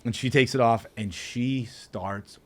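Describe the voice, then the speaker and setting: Man telling a wild story, laughing. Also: slow. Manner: laughing through a rowdy story, voice jumping high when reenacting yells. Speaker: podcast guest. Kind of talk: casual storytelling.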